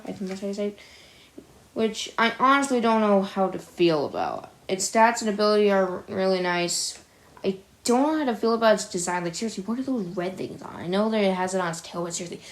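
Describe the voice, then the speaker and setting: A young woman talks through a casual ranking video in a chatty, opinionated way. Her voice sits at an ordinary middle pitch. She laughs easily at her own jokes as she goes. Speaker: gaming video creator.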